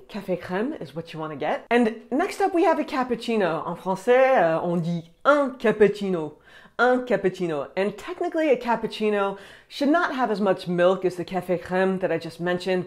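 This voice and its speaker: A woman giving casual, friendly tips in a travel vlog, dropping in short French phrases. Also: mid-range voice. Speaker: travel vlogger.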